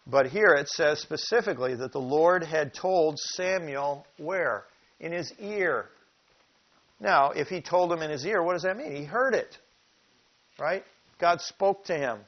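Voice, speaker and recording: A man preaching a sermon who teaches from scripture, asks the listeners questions and reads verses slowly with emphasis. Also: fairly high pitch, lively intonation. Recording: dull lo-fi recording.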